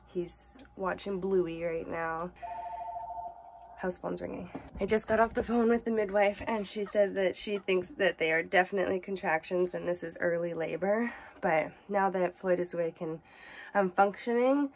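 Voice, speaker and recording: A woman's voice: fairly low pitch, normal speed, slight background noise. A woman with a blocked nose from a cold, chatting casually as a mother vlogging and narrating her home birth, with plenty of filler words. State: congested from a cold. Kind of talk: casual vlog and voice-over commentary.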